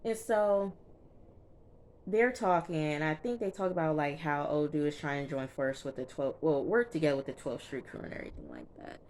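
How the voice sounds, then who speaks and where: A woman's voice: low voice, moderate pace, a little mellow, a little hiss or hum. Chatty woman recapping a TV episode. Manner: chatty, emphatic, frequent fillers, speaks directly to viewers. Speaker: TV recap vlogger.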